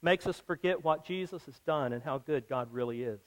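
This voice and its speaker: A male pastor with a high-pitched voice delivers a sermon. He moves between loud, urgent lines and quiet, low phrases. He acts out the quoted prayers and cries of the people in his story. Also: moderate pace.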